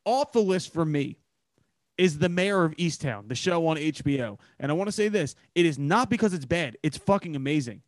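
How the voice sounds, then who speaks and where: A young man in his twenties with a Philadelphia accent, hosting a casual podcast, telling animated stories and swearing freely. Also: a little high, moderate pace, no room sound. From Philadelphia area. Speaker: podcast host. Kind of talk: casual profane podcast chat.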